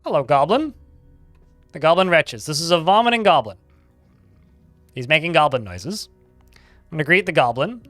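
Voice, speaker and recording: A fairly high-voiced man talks through a live game stream, reading game text aloud and cursing offhandedly. His delivery swings up and down with lots of life. The sound is dry and close, with faint music underneath. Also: big pitch swings, normal speed, long pauses, a bit bright, dry recording. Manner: chatty, reads game text aloud, swears casually. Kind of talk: live gameplay commentary.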